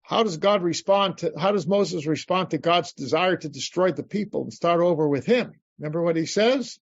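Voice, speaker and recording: Older rabbi guy lecturing over zoom, husky voice, kinda muffled dry audio. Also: on the high side, fairly quick, few pauses, no room sound. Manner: animated, acts out pleas to God, many restarts. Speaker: rabbi teaching a class. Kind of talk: animated lecture. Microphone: video call. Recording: dull lo-fi video call audio.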